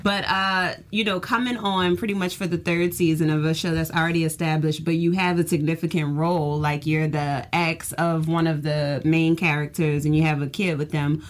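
Relaxed low-voiced female host. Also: normal speed, hardly any pauses. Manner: relaxed, filler-heavy questions. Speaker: podcast co-host. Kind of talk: casual interview chat.

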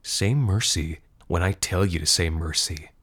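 A man's voice: low-pitched, unhurried, breathy edge, exaggerated voice. A man voicing a cruel teenage boy who bullies and jeers at other kids. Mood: menacing. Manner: jeering, aggressive shouting. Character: taunting teenage boy bully, cruel and shouting.

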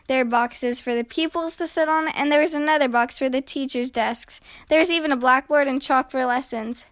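A woman reading a children's picture book aloud in a slow, gentle, expressive way. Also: high-pitched. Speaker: storyteller.

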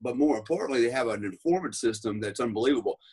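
Man, middle-aged, from the US, husky, podcast guest, casual rambling storytelling. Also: medium pitch, animated, quick pace, a little mellow. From United States. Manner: rambling, profane, lots of fillers.

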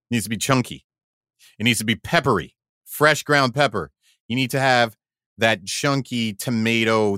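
A man hosting a casual podcast chat, with a bright, forceful voice sitting slightly low. He talks at length, circling back and restarting his sentences. The sound is close and dry. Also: no room sound. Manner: restarts often, explains at length. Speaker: podcast co-host.

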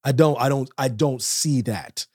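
A man co-hosting a wrestling podcast, ranting with animated energy and frequent repetition. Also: mid-range voice, a little slow, breathy edge, no room sound, studio quality. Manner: animated, repeats himself, loud rants. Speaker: podcast co-host.

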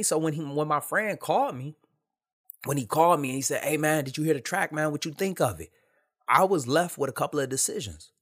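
A man's voice: lowish voice, pushed and bright. A man hosting a podcast, talking in a blunt, candid monologue full of slang and repetition. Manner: candid, emphatic, street slang, repeats himself. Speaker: podcast host. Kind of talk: casual monologue.

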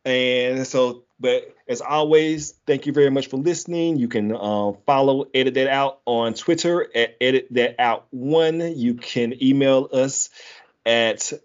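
A man's voice: mid-range voice, measured pace. A man hosting a casual podcast, running through lists and chuckling easily. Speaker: podcast host. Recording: dull lo-fi sound.

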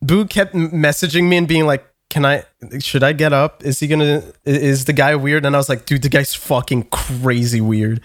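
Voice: medium pitch, fairly quick, few pauses, dry recording, clean studio sound. A young adult podcast co-host telling anecdotes in casual banter and acting out what others said. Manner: animated storyteller who acts out quotes.

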